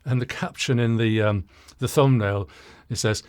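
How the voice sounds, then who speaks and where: A man's voice: mid-range voice, steady tone, moderate pace, clean tone, no echo, clean studio sound. An older man, hosting a channel and reading out viewer comments with wry, chuckling humor. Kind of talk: casual talking-head commentary. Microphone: shotgun mic.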